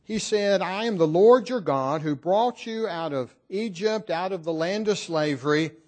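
A man preaching a sermon in an earnest, emphatic, measured way. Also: high-pitched.

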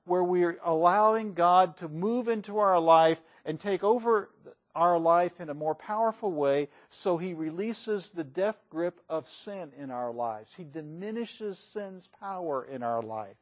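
High-voiced folksy male preacher. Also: a little slow. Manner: folksy, emphatic, varies loudness for emphasis. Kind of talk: sermon. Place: church.

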